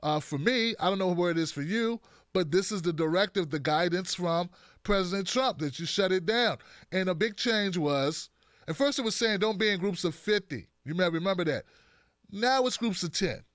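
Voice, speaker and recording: A man hosting a political commentary show, talking in a blunt, animated, joking way with frequent restarts. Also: high voice, normal speed, no echo, clean studio sound.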